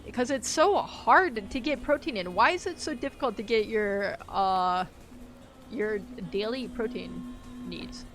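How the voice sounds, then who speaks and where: Woman streamer, fairly high voice, rambling casual chat with lots of giggles, faint music under her. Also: unhurried. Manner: chatty and rambling, laughs easily. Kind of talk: casual gaming livestream chat.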